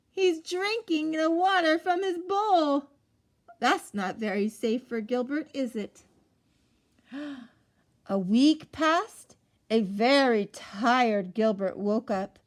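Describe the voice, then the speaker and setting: A young woman storyteller reads a picture book aloud to children in a high, animated voice at a slow pace. She asks them questions and gasps as she goes.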